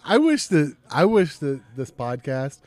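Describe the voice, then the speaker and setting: A man co-hosting a podcast, cutting in with jokes and quick questions. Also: a little high, big pitch swings, faint music behind. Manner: joking, wisecracking interjections. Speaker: podcast co-host. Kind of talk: casual chat.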